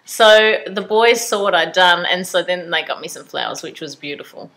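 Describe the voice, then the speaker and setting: Bubbly woman, bright voice. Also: lowish voice, moderate pace, rough recording. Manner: chatty, giggly, bubbly. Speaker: vlog host. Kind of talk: casual chat to camera. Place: home living room by an open fire.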